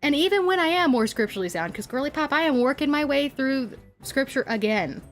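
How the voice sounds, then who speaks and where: A young woman talks casually to her live-stream chat, her voice sitting a little high. She rants with animated energy, laughing often and scattering likes and ums through her sentences. Faint music plays underneath. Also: fairly quick.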